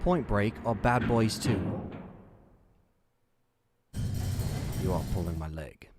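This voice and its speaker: A man doing a mock British accent to quote lines from a film, shouting them angrily with swearing. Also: lowish voice, normal speed, over loud music, close to an everyday voice. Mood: deadpan. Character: put-on British film cop quoting lines, angry.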